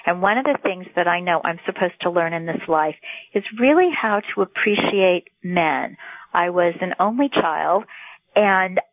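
A woman's voice: lowish voice, normal speed, dry recording. A woman guest author talking about her life with effusive enthusiasm. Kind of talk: casual conversation. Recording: phone-like dry sound.

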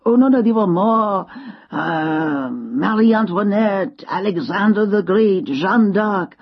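Gentle old Frenchman mentor, French accent, slow and coaxing, husky, muffled recording, put on by a woman storyteller. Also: mid-range voice, lively intonation, exaggerated voice. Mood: enthusing. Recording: dull lo-fi sound.

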